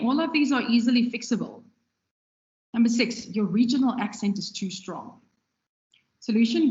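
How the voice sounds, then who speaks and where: A woman with a somewhat high voice delivers a relaxed, conversational lecture on radio production. The sound is roomy and echoey. The recording is dull and lo-fi. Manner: conversational, gestures freely with her hands.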